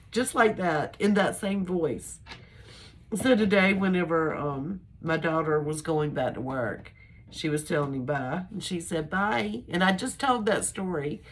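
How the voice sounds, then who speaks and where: An older woman vlogger chats casually to her camera in a rambling, homespun, chatty way. She has a deep voice and speaks a little slowly.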